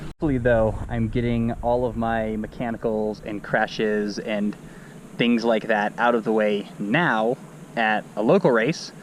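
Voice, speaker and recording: A man's voice: lowish voice, fairly even intonation, a little slow, slight background noise. A man vlogging between mountain bike race runs in casual, self-deprecating commentary, often laughing at himself, recorded outdoors at a race venue. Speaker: enduro mountain bike racer.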